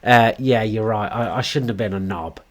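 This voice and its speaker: A man's voice: lowish voice, normal speed, close to an everyday voice. A man parodying a famous male wrestler who flippantly shrugs off his own blame, in a mocking tone.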